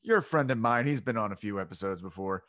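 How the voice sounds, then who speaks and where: A man's voice: fairly low pitch, expressive, fast talker, a bit bright. A man hosting a podcast in casual chat, loose, rambling and profane. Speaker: podcast host. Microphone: home podcast mic, separate channel.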